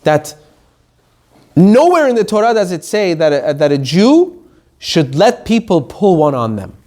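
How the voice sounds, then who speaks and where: A rabbi giving an animated Torah lesson, reading quotes and explaining them in plain English. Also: male voice, high-pitched, a little slow.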